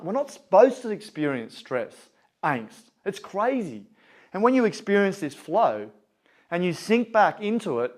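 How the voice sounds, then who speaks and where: A man's voice: high voice, a little mellow. Earnest man giving a motivational talk. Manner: earnest, storytelling, conversational. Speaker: motivational speaker.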